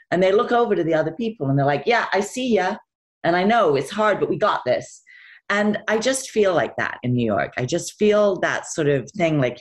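Woman, low voice, animated intonation, casual interview answers, lots of fillers. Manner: rambling, laughs easily, many fillers.

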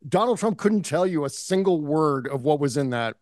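A man's voice: on the high side, lively intonation, normal speed, darkish tone, no echo, studio quality. A man co-hosting a political podcast, talking in an impassioned, indignant way. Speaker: podcast co-host. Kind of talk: casual political chat.

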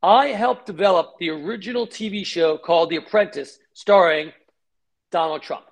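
In this interview, a middle-aged founder races through tales from his career, lively and doing impressions of whoever he quotes. He has a high, creaky voice.

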